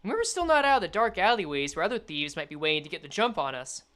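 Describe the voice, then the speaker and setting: A young woman streaming a game, chatting and reading the story aloud, animated and quick to laugh. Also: lowish voice.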